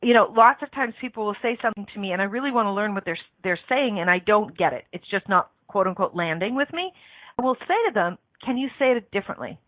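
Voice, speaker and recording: A woman's voice: mid-range voice, lively intonation, fast, no room sound. A woman hosting a motivational radio show, talking earnestly in a coaching manner and repeating phrases for emphasis. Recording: dry, tinny phone-line sound.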